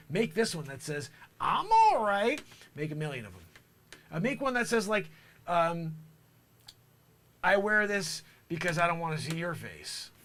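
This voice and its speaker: A man improvises a comedic monologue as a boastful, self-proclaimed man from the future, rambling along with conspiratorial asides. His voice sits high, sounding pushed and bright with a breathy edge.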